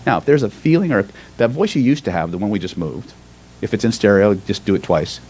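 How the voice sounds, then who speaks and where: A man teaching a live workshop on inner voices, then leading the room through a slow guided hypnosis. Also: lowish voice, husky, poor audio. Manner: animated and joking with the audience, shifting into slow soothing guided trance. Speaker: hypnosis and NLP trainer. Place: seminar room with a live audience.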